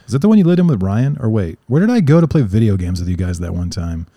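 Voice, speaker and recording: A quick-talking American man riffing through casual podcast banter, his voice dark and low. The sound is dry and close on a podcast mic. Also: big pitch swings, no room sound. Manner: fast, joking, riffing with mock voices. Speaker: podcast co-host. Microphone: podcast microphone.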